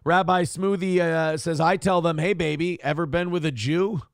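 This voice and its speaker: Gravelly high-voiced man hosting a morning show. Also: fairly even intonation, normal speed. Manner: crude, joking, mock-announcer delivery of viewer lines. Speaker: host of a live internet morning show. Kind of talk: casual comedic chat, reading viewer comments aloud.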